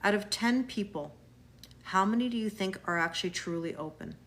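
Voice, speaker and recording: A woman's voice: medium pitch, moderate pace, fairly bright tone. A Canadian woman runs a live tarot stream, greeting viewers and answering them as she goes. Her talk is chatty and reassuring, and she often trips over and restarts her words. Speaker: tarot reader.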